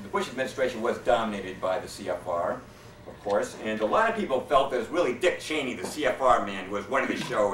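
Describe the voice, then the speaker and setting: A man tells political jokes in a folksy, storytelling manner, with a lively, swinging pitch. He is recorded in a roomy hall from some distance. Faint room ambience is heard behind him. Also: slight background noise. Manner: folksy storyteller, chuckles at his own punchlines. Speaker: speaker at a political society event. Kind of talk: stand-up joke telling. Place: event hall, indoors.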